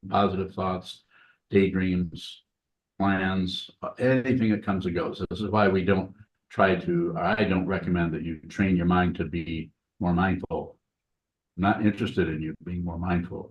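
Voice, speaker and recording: A low-voiced man, a Zen teacher, gives a dharma talk and answers questions. He speaks plainly and conversationally, repeating himself often.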